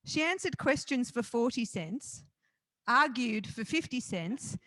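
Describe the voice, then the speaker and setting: A woman's voice: a little high, expressive, unhurried, fairly bright tone, no echo. A woman interviewing a guest on stage, with a teasing, wry manner.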